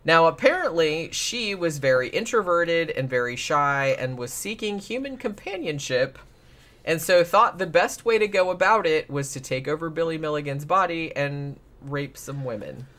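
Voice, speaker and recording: A man's voice: on the high side, animated, moderate pace, fairly bright tone. A man hosting a casual true-crime podcast, rambling with lots of "like" and restarts. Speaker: podcast host.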